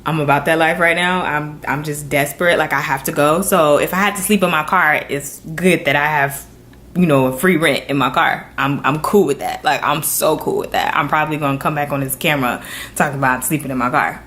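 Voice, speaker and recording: A young adult woman vlogging to camera, telling a personal story with earnest, animated delivery and acted-out quotes. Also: deep voice, fairly quick. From Florida.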